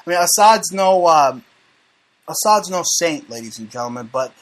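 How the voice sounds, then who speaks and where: A man's voice: a little high, animated, moderate pace. A man hosting a casual talk show, brash and profane, joking and mocking as he reads the news. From United States. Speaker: show host.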